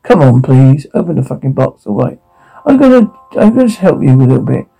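An actor playing an obsessive male security guard holding a woman captive, taunting and mocking her, then flaring into rage, in a dark audio drama. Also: medium pitch, very animated, a little fast, vocal fry, soft background music, low-quality recording.

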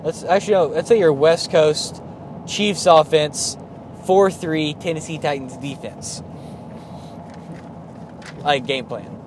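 A man's voice: a little high, slow, pauses often, noisy background. Chatty joking young man hosting sports talk. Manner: joking, chatty, animated rants. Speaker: podcast host. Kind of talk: casual sports chat.

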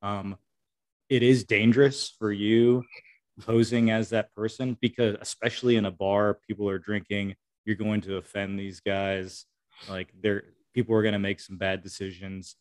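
A man, a former Army Ranger co-hosting a podcast, talking things through with halting restarts. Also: on the low side, flat delivery, a little mellow, dry recording. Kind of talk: casual conversation.

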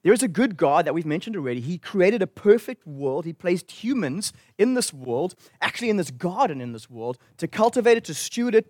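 A pastor with a high-pitched voice preaches a sermon in an earnest, conversational tone. The recording is clean studio audio with no room sound.

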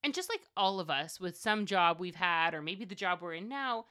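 A woman's voice: lowish voice, very animated, normal speed, bright, forceful tone. Chatty, wry woman podcast host. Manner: chatty, wry asides, lots of fillers. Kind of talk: casual solo commentary.

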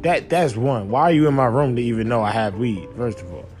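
A young man hosting a casual talk show, telling loose, profane stories in a relaxed way that breaks into loud, animated outbursts. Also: medium pitch, fairly quick, faint music behind. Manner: relaxed, laid-back while smoking. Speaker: podcast host. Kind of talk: casual storytelling monologue.

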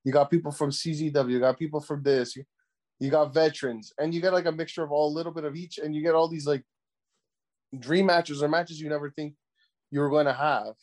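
An excitable man talks casually on a podcast, his voice sitting a bit higher than usual for a man. He swears freely and leans on filler words as he goes. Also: a little fast. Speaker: podcast co-host. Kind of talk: casual wrestling chat.

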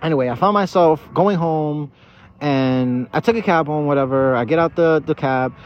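A man's voice: on the high side, normal speed. Tipsy, rambling man in a park. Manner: rambling and profane, with stammered restarts. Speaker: podcast host. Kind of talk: casual drunken monologue. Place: outdoors in a city park. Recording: dull lo-fi outdoor recording.

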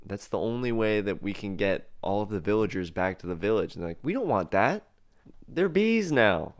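A man co-hosting a comedy podcast, playfully improvising a silly story with quick asides. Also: on the low side, sing-song.

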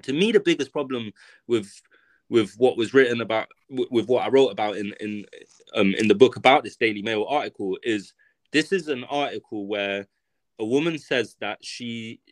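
A man's voice: medium pitch, normal speed, no echo. A man with a London accent, a guest author talking in a casual podcast conversation, ranting in a blunt, emphatic and profane way.

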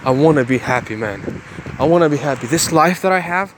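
A man's voice: fairly high pitch, lively intonation, fairly quick, noisy background. Earnest young man venting to camera. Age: 20s. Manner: repetitive, earnest, restarts phrases. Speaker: vlogger. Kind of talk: emotional personal monologue.

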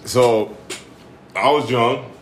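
A man's voice: mid-range voice, extremely slow, roomy sound, a little hiss or hum. A young man casually telling a story on a podcast, rambling and cursing. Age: young adult.

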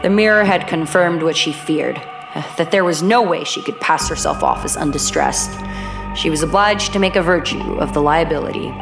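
A woman narrating a horror audiobook in a measured, even storytelling manner. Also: low voice, gravelly, over music.

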